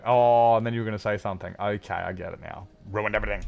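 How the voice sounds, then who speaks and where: A man talks fast in a creaky voice on a live game stream, rambling and joking casually and bursting into sudden high, excited greetings.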